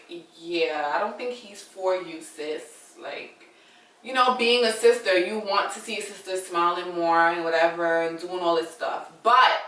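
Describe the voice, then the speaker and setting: A woman's voice: medium pitch, bright, forceful tone, echoey room, recorded from a distance, poor audio. A young adult woman telling a story in a casual, dramatic way and talking straight to her viewers. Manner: chatty, dramatic, addresses viewers as y'all.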